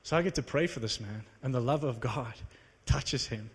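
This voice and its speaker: A young man from South Africa preaching a sermon, telling a personal testimony with animated storytelling that rises into excited exclamations. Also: medium pitch, moderate pace, breathy edge. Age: young adult. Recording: reverberant hall.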